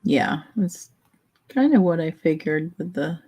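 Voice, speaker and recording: A woman vlogger chatting in a relaxed, meandering way, thinking aloud while she colors. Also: on the low side, a little slow, breathy edge, poor audio.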